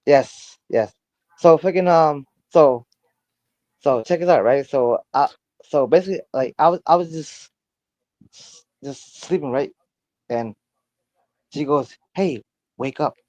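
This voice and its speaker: A man's voice: on the high side, unhurried, long pauses, darkish tone, no echo, muffled recording. A man calling in, telling a story casually in a rambling way, full of fillers and stammered repeats. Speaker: caller.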